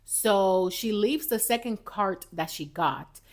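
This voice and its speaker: A woman hosting a casual motivational podcast. She is chatty and lively, talks straight to her viewers and sips coffee as she goes. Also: mid-range voice, slow pace. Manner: sips coffee while talking. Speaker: podcast host.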